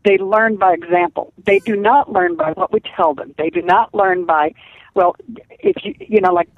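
A woman's voice: on the low side, normal speed, no echo. Blunt older woman on a phone line. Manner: blunt and emphatic. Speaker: guest caller. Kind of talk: call-in radio talk.

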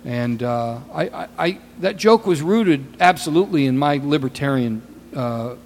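A man's voice: fairly high pitch, animated, normal speed, a little mellow, long reverb tail, a little hiss or hum. A man co-hosting a podcast, chatting casually in a profane, rambling way with stammering restarts. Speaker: podcast co-host.

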